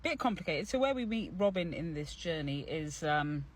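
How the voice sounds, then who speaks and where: A young man, an actor and playwright, talking casually through his character's creation in an animated, chatty way, with many fillers and restarts. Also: a little high, normal speed, a little hiss or hum.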